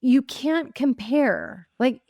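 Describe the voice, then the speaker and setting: A woman's voice: sits high, lively intonation, takes it slowly, darkish tone, dry recording. A woman grief coach answering interview questions in an earnest, emphatic and reflective way. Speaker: grief coach and podcast guest.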